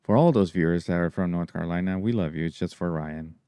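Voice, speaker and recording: Deep-voiced joking man on a podcast. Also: fast talker, mellow, clear, resonant tone, no echo. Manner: joking, teasing, swears freely. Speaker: podcast co-host. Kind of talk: casual chat.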